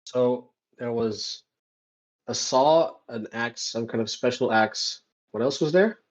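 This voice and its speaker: A man playing a tabletop game, talking in a jokey, rambling, halting way. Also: medium pitch, lo-fi sound. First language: Dutch. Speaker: player. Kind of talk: casual tabletop play.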